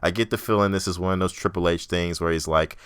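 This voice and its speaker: Young male podcast host, deep clear voice, blunt and profane, rants freely; dry close mic. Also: steady tone, fast talker, dry recording. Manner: blunt, profane, ranting, mocks others in exaggerated voices. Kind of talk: casual solo wrestling review.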